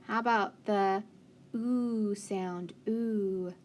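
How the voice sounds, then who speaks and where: A woman's voice: medium pitch, steady tone, drawn-out words, a little mellow, slight background noise. A woman teacher leading a phonics lesson for young children, patient and encouraging, asking questions and praising answers.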